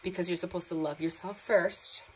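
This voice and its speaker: A woman's voice: lowish voice, steady tone, moderate pace, a little hiss or hum, rough recording. A young woman giving a tarot card reading, emotional and awed, reading card texts aloud, with water sounds from a sound machine in the background. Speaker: tarot reader.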